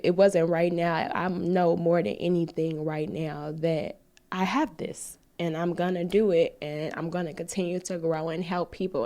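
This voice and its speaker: A woman's voice: on the low side, a little mellow. A woman in her thirties hosting a podcast, talking candidly and at length about her own path, speaking into a phone. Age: 30s. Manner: candid, rambling, tearful at times. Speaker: podcast host. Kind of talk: emotional personal testimony on a live stream.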